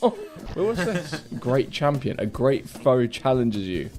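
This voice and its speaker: A man streaming a fighting game, reacting loudly, repeating himself and laughing often. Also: mid-range voice, big pitch swings, unhurried, a crowd in the background. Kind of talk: excited gameplay commentary.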